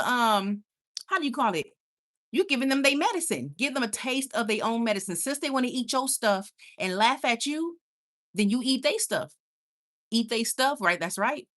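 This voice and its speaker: Pitched on the high side, this young streamer reads her audience's comments aloud in a casual broadcast. Her reactions are vivid and forceful, she's quick to giggle, and she frequently circles back to the same words.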